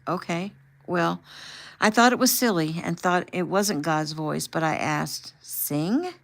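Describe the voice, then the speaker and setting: An emotional young man with a low voice tells his story haltingly, as a woman reads him aloud. His voice is gravelly, and the reading sounds like a storybook told at home. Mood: earnest. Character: young man, emotional, recalling a hard time.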